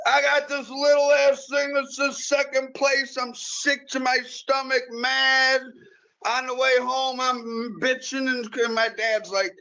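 A man telling a story in casual chat, animated and profane, with frequent repeated words and restarts. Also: extremely high pitch, takes it slowly, creaky, highs cut off. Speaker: guest pool player.

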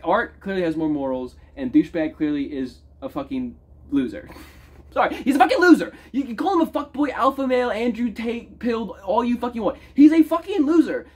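A man giving a casual, profane movie review, talking with big swings in pitch and loudness.

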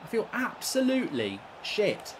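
A man's voice: high-pitched, huge pitch swings, measured pace, background noise. Swearing, ranting man streaming a game. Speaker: gaming streamer. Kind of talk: live gameplay commentary reading chat.

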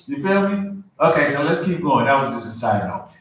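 A man preaching a conversational sermon, informal and animated, full of asides and "you feel me?". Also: on the high side. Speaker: pastor. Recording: very echoey room, mic far off.

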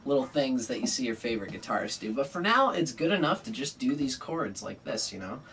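A young man casually explaining a guitar song, relaxed and rambling with many fillers. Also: mid-range voice, brisk, recorded from a distance, a little hiss or hum. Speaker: guitar teacher. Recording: loud guitar over the voice.

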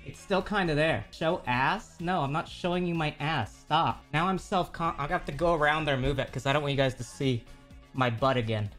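A man streaming live from his home bedroom, chatting casually, excitable and swearing, quick to get frustrated. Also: on the high side, soft background music. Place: home bedroom with a slanted wall. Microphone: streaming mic, moving off-camera at times.

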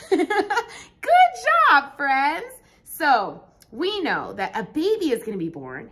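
A young woman teaching a Bible lesson to preschool children, animated and full of exclamations. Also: very high-pitched.

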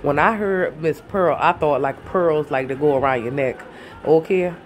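A woman's voice: low-pitched, normal speed, a little hiss or hum. Woman vlogger with hiccups; loose, rambling, chatty delivery. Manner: chatty, rambling, calls viewers "baby". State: has the hiccups. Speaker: YouTuber. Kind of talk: casual vlog chat.

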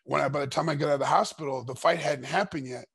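Middle-aged man, casual podcast guest and storyteller. Heavy gravel, husky rasp, dry close sound. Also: a little high, fast talker, no room sound. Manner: animated storyteller, acts out dialogue. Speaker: podcast guest, former fighter.

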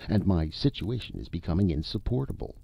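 A man's voice: low voice, big pitch swings, a little fast, creaky, slightly rough, no room sound, heavily acted. A man voicing a polite but fretful male ghost in a story reading, eager and fussy in manner. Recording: dull lo-fi recording.

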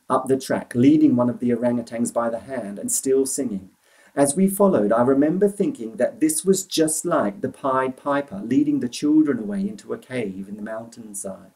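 A man reading a children's novel aloud in an expressive, animated storytelling manner. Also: mid-range voice, rough recording.

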